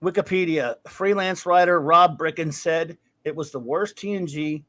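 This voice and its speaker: A man's voice: a little high, moderate pace, a bit bright, no room sound. Wry rambling male podcast host. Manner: rambling, wry, trails off into mumbles. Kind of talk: casual review chat reading listener grades.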